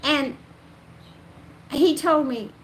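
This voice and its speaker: An older grandmother telling the story of her own life, animated and emotional. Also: high voice, drawn-out words, slight background noise, rough recording. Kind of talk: personal storytelling.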